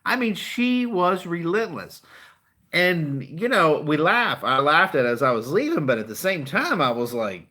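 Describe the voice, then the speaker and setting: A man's voice: fairly high pitch, very animated, a little slow, bright, forceful tone. A middle-aged man and car dealer giving a fired-up, profane, blunt motivational talk to his channel's viewers.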